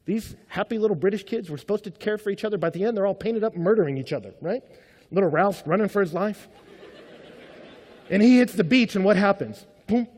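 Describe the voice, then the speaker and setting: A pastor preaching a sermon as a man, telling stories with energy and dropping from loud to hushed. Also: high voice, brisk, long reverb tail. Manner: animated storytelling, swings between loud and hushed.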